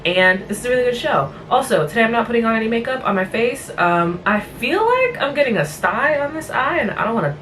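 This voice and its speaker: A woman's voice: fairly high pitch, big pitch swings, a little fast, hardly any pauses, fairly bright tone. Woman vlog host, worn out, blunt and chatty, mic a bit distant, faint hiss. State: tired. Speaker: vlog host reviewing cartoon episodes. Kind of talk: casual rambling recap.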